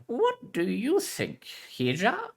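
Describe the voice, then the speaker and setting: Guy putting on a high, slow, teasing scheming mom, voice swoops all over. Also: wildly swooping pitch, vocal fry, full character voice. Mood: playful scheming. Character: scheming middle-aged Hispanic mother, playful dealmaker.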